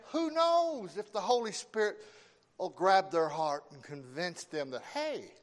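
A man preaching a sermon, slow and emphatic, with dramatic pauses between phrases. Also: high voice, lively intonation.

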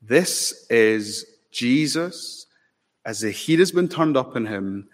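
Man, preacher, impassioned sermon, dramatic emphasis, middle pitch, long church reverb. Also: lively intonation. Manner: dramatic, impassioned preaching with emphatic rises and slow solemn stretches. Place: church sanctuary.

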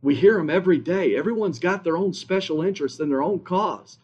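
High-voiced man preaching emphatically. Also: lively intonation, brisk, a little mellow, slightly rough. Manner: emphatic, repetitive preaching cadence. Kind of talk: sermon. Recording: dull lo-fi recording.

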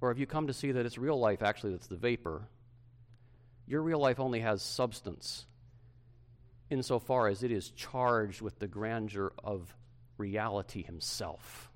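A middle-aged male pastor preaching a sermon to his church, swinging from loud emphasis to hushed softness. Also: on the low side, a little slow.

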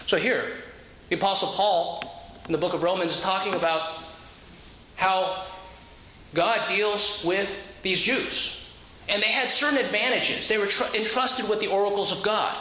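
A man's voice: high voice, measured pace, sharp tone, roomy sound, slight background noise, rough recording. A man preaching a sermon, explaining scripture step by step and often repeating a word as he restarts. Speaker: pastor.

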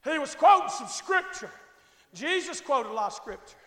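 A middle-aged man preaching a sermon, his voice pitched very high as he swings between soft asides and loud, stretched-out proclamations. He keeps checking in with the congregation, asking if everybody is all right. The sound is roomy, with a long reverb from a church sanctuary. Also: big pitch swings, normal speed. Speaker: pastor.

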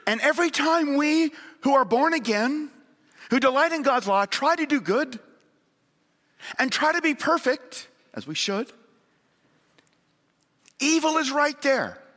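A man preaching a sermon in earnest, moving between raised emphasis and hushed appeals. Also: very high voice, animated, measured pace, pauses often. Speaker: pastor. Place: church sanctuary. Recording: long church hall reverb.

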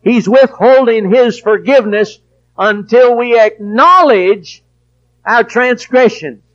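High-pitched preacher guy, slow and deliberate, goes quiet then loud, kinda muffled recording. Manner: preachy, swings from quiet to shouted emphasis. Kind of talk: sermon. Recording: dull lo-fi recording.

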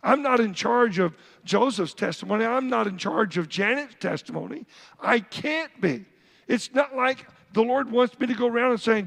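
High-voiced gravelly pastor preaching in a hall. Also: male voice, normal speed, fairly bright tone. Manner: preachy, asks the congregation questions. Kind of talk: sermon. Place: church sanctuary. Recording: long church hall reverb.

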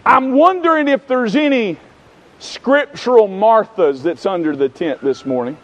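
A male revival preacher with a strikingly high voice for a man. He preaches with fervor, stacking up repeated phrases and climbing into shouts. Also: animated, unhurried. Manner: fervent, rhythmic repetition, rising to shouts. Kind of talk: revival sermon. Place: revival tent.

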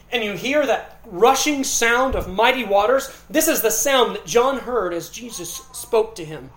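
Earnest preaching man in an echoey hall. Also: sits high. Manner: earnest preaching with emphatic repetition and pauses. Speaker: pastor. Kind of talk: sermon.

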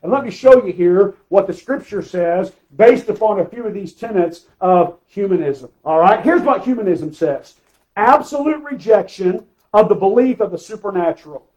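High-voiced preacher guy, emphatic, keeps asking for amens. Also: expressive, moderate pace, low-quality recording. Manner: emphatic, calls for amens, swings loud and soft. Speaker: pastor. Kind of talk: sermon.

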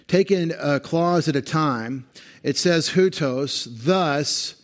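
Pastor teaching Greek from the pulpit. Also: male voice, medium pitch. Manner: teacherly, explains Greek grammar patiently with pointer. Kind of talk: expository sermon.

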